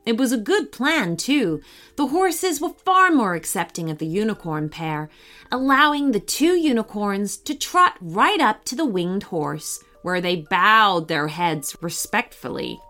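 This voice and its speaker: A woman's voice: medium pitch, sing-song, measured pace, sharp tone. A woman narrating a children's story expressively, acting out the characters.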